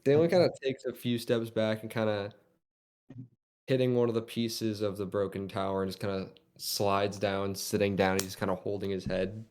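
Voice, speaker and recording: A man's voice: lowish voice, flat delivery, moderate pace, a little mellow. A man playing a tabletop game, loosely narrating his character's actions in a casual way. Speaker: player.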